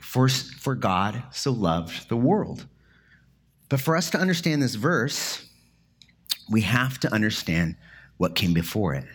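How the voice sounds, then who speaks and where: A man's voice: medium pitch, fairly bright tone, breathy edge. A man giving a sermon in an earnest, conversational way, with casual fillers as he explains a passage. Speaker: pastor.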